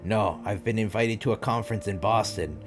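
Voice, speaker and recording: A polite, earnest archaeology professor in his forties with a low, subdued voice, as a man reads him out. Faint game music runs behind. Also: moderate pace, close to an everyday voice. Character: forty-year-old male archaeology professor, earnest.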